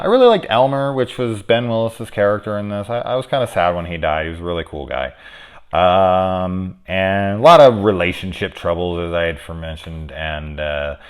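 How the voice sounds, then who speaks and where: A man giving a casual spoiler review of a movie, rambling and profane, with lots of fillers. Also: low-pitched.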